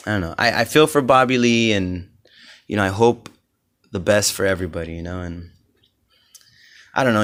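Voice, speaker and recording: A young man hosting a solo podcast, rambling with lots of fillers and swearing, getting heated as he goes. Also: on the low side. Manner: rambling, profane, many fillers; grows heated and loud. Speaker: podcast host.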